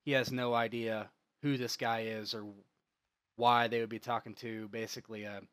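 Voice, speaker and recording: Casting note: game master, average-pitched man, rambling, dry close sound. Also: level tone, moderate pace, fairly bright tone, no room sound. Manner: rambling, with many fillers and restarts. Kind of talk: narrating a tabletop game.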